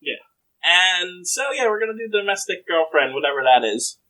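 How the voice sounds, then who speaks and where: A man's voice: high-pitched, animated, normal speed, sharp tone, rough recording. A man co-hosting a review podcast in casual chat, easygoing and agreeable. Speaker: podcast co-host.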